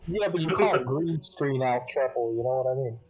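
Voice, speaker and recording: A man's voice: mid-range voice, animated, moderate pace, crowd noise. A young man chatting with friends on a stream, tossing in teasing, dry quips. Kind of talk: casual chat with friends on stream.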